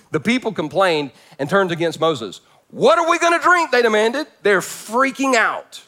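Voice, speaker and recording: A man delivers a sermon to his congregation in a church, keeping it conversational with jokes. His voice sits a little high for a man. He jumps between loud, pointed emphasis and quiet, hushed lines. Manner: conversational and joking, with sudden swings from loud to hushed. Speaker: pastor.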